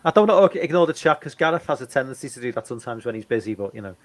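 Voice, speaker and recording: A man's voice: mid-range voice, animated, very fast, dry recording. A man in his forties co-hosting a casual live stream, rambling and restarting his sentences as he reads out the chat. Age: 40s. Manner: rambling, full of restarts and fillers. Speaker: co-host reading the chat.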